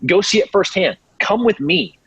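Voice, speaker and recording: Animated American man, husky and dry. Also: high voice, moderate pace, dry recording, lo-fi sound. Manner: animated, acts out quoted voices mockingly. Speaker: podcast guest. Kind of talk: impassioned interview talk.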